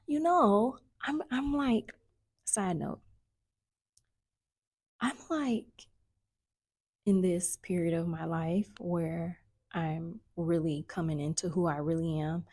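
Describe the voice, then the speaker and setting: A woman speaks to camera in a casual spiritual-coaching vlog, her voice low and mellow. She talks earnestly and keeps restarting her sentences, now and then dropping into a whisper. The sound is close and dry. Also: no echo. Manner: earnest, searching, restarts often, drops into whispers.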